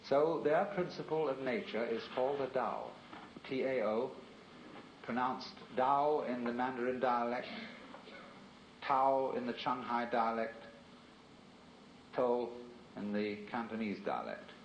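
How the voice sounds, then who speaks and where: A man giving a philosophical lecture in a measured, reflective and rhetorical way. The recording is an archival lecture tape. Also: medium pitch, echoey room, highs cut off, a little hiss or hum.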